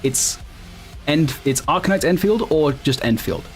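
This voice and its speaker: A man's voice: fairly high pitch, expressive, measured pace, soft background music. A man streaming casually, chatting with viewers in a rambling, self-correcting way and laughing often. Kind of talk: casual livestream chat, answering viewers.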